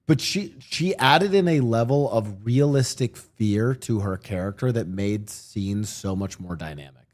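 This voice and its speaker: A man hosting a casual chat, animated and quick to laugh, stammering as he starts his points. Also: fairly low pitch.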